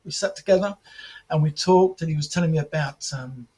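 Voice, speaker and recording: A man as a podcast guest, telling animated anecdotes, acting out quoted dialogue with frequent restarts. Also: a little high, fairly quick, slightly rough. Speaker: podcast guest, martial arts film promoter and author. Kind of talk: casual podcast storytelling.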